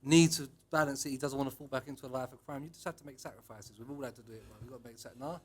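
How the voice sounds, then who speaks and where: A man co-hosting a casual podcast chat, telling lively stories and acting out what people said. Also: medium pitch, racing, crowd noise. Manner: animated storytelling, acting out quotes with laughs. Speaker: podcast co-host.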